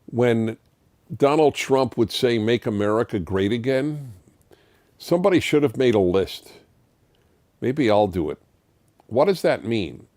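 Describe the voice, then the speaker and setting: A man's voice: medium pitch, lively intonation, measured pace, long pauses, darkish tone, dry recording. A middle-aged man giving emphatic, indignant opinion commentary as a radio host, full of rhetorical questions.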